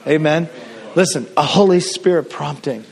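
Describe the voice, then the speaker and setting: A man's voice: a little high, moderate pace, gravelly. A middle-aged man from Canada preaching a sermon as a pastor, telling stories casually with frequent restarts and fillers.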